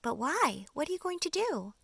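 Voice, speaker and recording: A woman's voice: sits high, normal speed, creaky, no echo, pitched above the performer's own voice, full character voice. A woman doing an earnest young boy. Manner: earnest, steady explaining. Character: young boy, calm and determined. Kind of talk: audiobook character voice.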